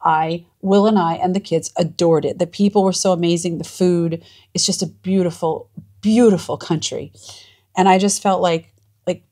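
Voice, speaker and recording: Chatty, emotional woman vlogger, lowish voice. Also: fairly even intonation, normal speed, dark tone. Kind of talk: casual chat. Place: small cabin at a campground.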